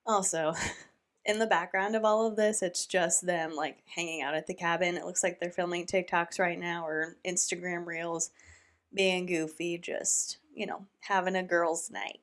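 A woman hosting a reaction commentary, talking in a sarcastic, animated and incredulous way. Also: fairly low pitch, moderate pace. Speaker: commentary host.

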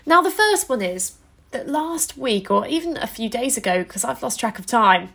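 A woman's voice: fairly high pitch, very animated, normal speed, vocal fry, a bit bright, husky. Teasing woman co-hosting a podcast. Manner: teasing, chatty. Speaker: podcast co-host. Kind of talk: casual podcast chat.

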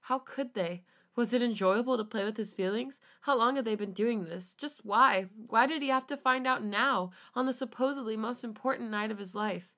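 A woman co-host reads fanfiction aloud on her podcast. Her voice is bright and forward, and her reading is expressive. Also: on the high side. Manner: expressive reading, quick to laugh.

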